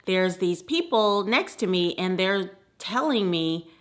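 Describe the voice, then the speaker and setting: A woman from the US Midwest telling a personal story in a lively way, laughing often. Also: medium pitch, slow.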